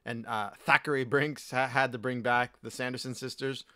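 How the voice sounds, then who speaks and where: A man's voice: mid-range voice, fairly even intonation, normal speed, sharp tone, no echo, studio quality. A man co-hosting a podcast, joking and laughing as he chats casually. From US East Coast. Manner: jokey, laughs often, does silly voices. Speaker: podcast co-host.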